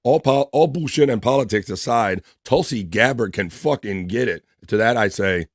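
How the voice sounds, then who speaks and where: A man's voice: mid-range voice, normal speed, no room sound, clean studio sound. A man hosting a casual livestream, reading viewers' messages aloud and greeting them by name in a loose, profane way. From East Coast of the United States. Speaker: livestream host reading chat.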